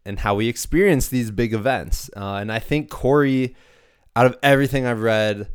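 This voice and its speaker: Chatty low-voiced male podcast host. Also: clean tone, dry recording, studio quality. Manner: chatty, self-deprecating, lots of fillers and restarts. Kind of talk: casual podcast intro.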